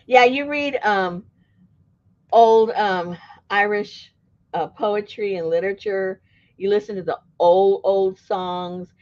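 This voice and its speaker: Woman, craft host, animated, laughs easily, lo-fi sound. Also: medium pitch, takes it slowly. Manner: laughs often, animated and talkative. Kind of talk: casual chat while crafting.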